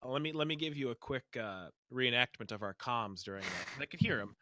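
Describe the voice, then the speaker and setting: Excitable bright-voiced podcast guy. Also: medium pitch, brisk, slight background noise. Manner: excitable, stammering restarts. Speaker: podcast co-host and player. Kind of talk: casual podcast chat.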